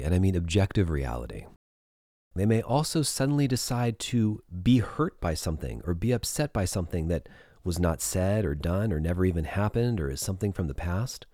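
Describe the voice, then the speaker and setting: A middle-aged man hosting a podcast, giving relationship advice in a measured, explanatory monologue that slows down for emphasis. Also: low-pitched, warm tone, no echo, clean studio sound. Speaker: podcast host.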